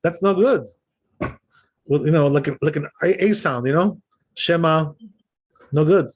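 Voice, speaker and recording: Rabbi teaching with a slightly high voice. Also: male voice, measured pace. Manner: explanatory, repeats words, checks in with "right?" and "you know?"; demonstrates pronunciation aloud. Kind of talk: informal Torah lesson.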